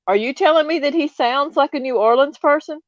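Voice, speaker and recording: In a casual livestream chat, an American woman in her fifties with a light Southern accent speaks in a high voice at a fairly quick clip. She is opinionated and emphatic, repeating points to stress them. The audio is dry but slightly dull and lo-fi.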